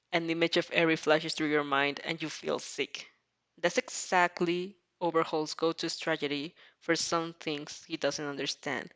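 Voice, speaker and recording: A woman's voice: fairly low pitch, a bit bright. A woman reading fanfiction aloud in a casual manner, stumbling over words now and then and breaking into her own reactions. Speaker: fanfic reader.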